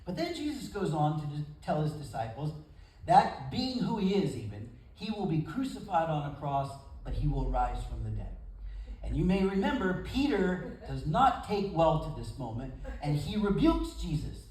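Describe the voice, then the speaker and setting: A male pastor delivers a folksy sermon, his pitch swinging widely as he acts out quotes in different voices. He sounds distant from the microphone, with his voice echoing around a large room. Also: very animated, normal speed, a little mellow. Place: church service in a gym. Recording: echoey room from far off.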